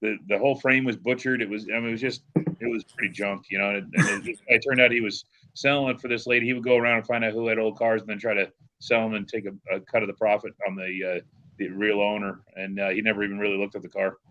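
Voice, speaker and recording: Bright-voiced man rambling about old cars. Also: on the low side, fairly even intonation, fast talker, poor audio. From upstate New York. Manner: rambling anecdotes with fillers and restarts. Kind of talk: casual chat about cars.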